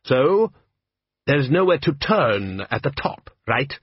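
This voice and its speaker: A man's voice: medium pitch, very animated, husky, no echo, dull audio, voice pushed up, heavily acted. A man voicing nervous, common guards who talk in a hurry. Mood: anxious. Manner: hurried, anxious.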